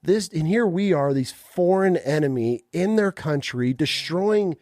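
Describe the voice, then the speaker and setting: A man's voice: fairly high pitch, unhurried, dry recording, studio quality. Laid-back man telling war stories. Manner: relaxed storytelling, swearing, acts out quoted voices. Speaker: podcast host. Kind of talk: casual interview chat.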